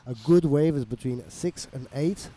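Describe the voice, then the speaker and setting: A man's voice: on the high side, moderate pace, dark tone, a little hiss or hum. A man commentating a live surf contest, explaining scores and reading out viewer messages. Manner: reads viewer messages, slips into Spanish and French.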